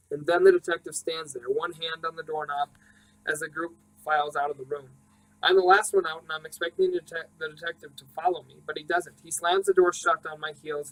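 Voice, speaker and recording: A man narrating an audiobook in a measured, steady reading voice. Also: a little high, rough recording.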